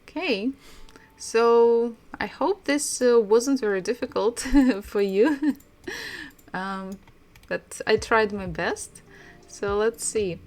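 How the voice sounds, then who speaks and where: A woman teaching a language lesson, repeating sounds slowly and laughing often. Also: a little high, a little mellow. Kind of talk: slow, patient language lesson.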